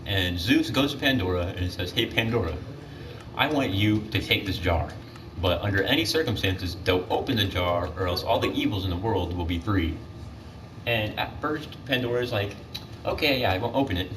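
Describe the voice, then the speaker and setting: A teenage boy rambles through a story mid-game, piling up fillers and correcting himself as he goes. His voice sits somewhat low. The mic is set back from him, and steady noise runs underneath. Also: normal speed. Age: teens. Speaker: gamer retelling myths. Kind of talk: casual gaming commentary. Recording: distant mic with clear background noise.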